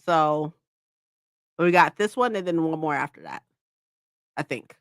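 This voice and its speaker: A woman's voice: sits low, a little slow, fairly bright tone, no room sound, studio quality. A woman hosting a reading livestream, chatting casually with her viewers, laughing often and teasing them. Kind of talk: casual chat with live chat viewers.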